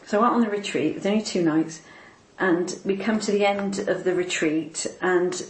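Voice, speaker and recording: A woman with a somewhat low voice recounts a deeply personal story, her words halting and repeating as emotion rises. The room around her gives her voice a noticeable echo. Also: a little hiss or hum. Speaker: interviewee. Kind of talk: personal faith testimony. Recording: roomy echo.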